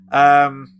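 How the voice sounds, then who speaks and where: A man's voice: on the high side, fairly bright tone, clean tone, dry recording. Rambling, playful man hosting a review chat. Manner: rambling, playful, lots of asides. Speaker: host.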